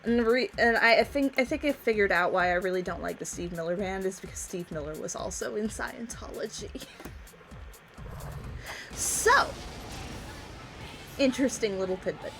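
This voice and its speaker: A woman's voice: medium pitch, lively intonation, moderate pace, creaky, long pauses, fairly bright tone, soft background music. A woman co-hosting a game stream in casual chat, laughing often and hard. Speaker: streamer co-host. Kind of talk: casual chat over gameplay.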